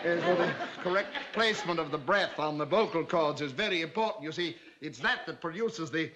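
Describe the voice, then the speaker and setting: A man's voice: a little high, brisk, lo-fi sound, a loud crowd, lightly acted. An actor playing a fussy, pompous male singing teacher in a 1960s sitcom, drilling his pupil with theatrical vocal exercises. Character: fussy, pompous middle-aged male voice coach. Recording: loud studio audience laughter, noisy old TV soundtrack.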